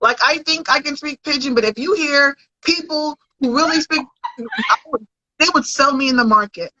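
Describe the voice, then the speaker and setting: A woman's voice: sits high, moderate pace, noisy background. A woman in her thirties, a podcast guest and content creator, chatting earnestly and restarting her sentences. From United States. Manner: earnest, chatty, repeats words as she starts. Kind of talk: casual interview chat. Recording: dry, dull lo-fi audio.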